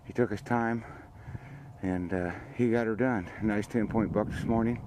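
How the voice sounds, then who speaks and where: Folksy older hunter, low voice. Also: male voice, steady tone, normal speed, background noise. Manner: folksy, rambling, plugs sponsors. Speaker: hunting show host. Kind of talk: casual outdoor commentary. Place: outdoors by a field.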